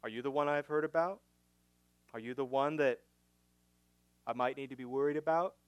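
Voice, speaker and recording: A man's voice: medium pitch, normal speed, clean tone, dry recording, natural voice. A man voicing a stern Roman governor questioning a prisoner in a sermon. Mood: probing. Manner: probing, repeated questions.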